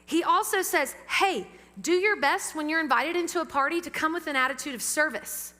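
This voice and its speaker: A woman pastor preaching a sermon to a church congregation, lively and engaging them with questions. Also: high-pitched, a little fast. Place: church sanctuary with amplified sound. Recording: long reverb of a church hall.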